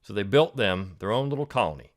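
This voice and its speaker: A man, hosting and reading a reflective poem before giving commentary in a measured way. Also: fairly low pitch, lively intonation. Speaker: host.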